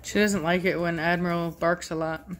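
A woman's voice: on the low side, fairly even intonation, normal speed, slight background noise. A woman filming her dogs and chatting casually about them, often cooing baby talk at the puppies. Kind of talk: casual chat.

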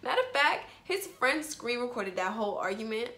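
A young woman vlogger telling a personal story to the camera in a casual, animated way, full of slang and fillers like "like" and "bro". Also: fairly high pitch, normal speed. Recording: echoey room.

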